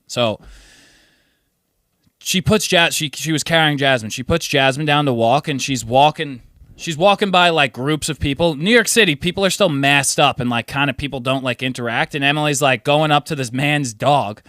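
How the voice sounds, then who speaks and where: A man's voice: a little high, normal speed, fairly bright tone, dry recording, clean studio sound. A young man casually telling a story on a podcast, swearing freely and acting out what people said. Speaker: podcast co-host. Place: New York City apartment.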